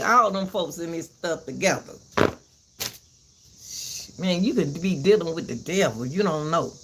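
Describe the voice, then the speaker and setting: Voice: mid-range voice, vocal fry, bright, forceful tone, slight background noise. A host giving a heated commentary rant, repeating herself and cursing as she vents. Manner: fiery, repeats herself, cusses.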